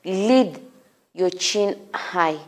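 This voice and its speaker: A woman hosting a morning devotional, preaching slowly with repeated, encouraging exhortations. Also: lowish voice, animated. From Kenya. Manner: slow, repetitive, encouraging exhortation. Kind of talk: sermon.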